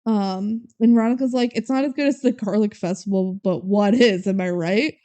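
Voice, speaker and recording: On a podcast, a woman co-host with a mellow, mid-range voice recaps a film in a casual way. She quotes the characters in quick voices as she retells scenes, laughing throughout.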